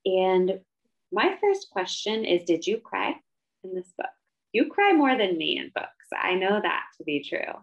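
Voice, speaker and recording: A woman co-hosts a relaxed book podcast, and her voice carries a gravelly fry. The recording sounds dull and lo-fi. She talks in an animated, emphatic way that rises steeply when she is worked up. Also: medium pitch, measured pace. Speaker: podcast co-host. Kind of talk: casual book-discussion chat.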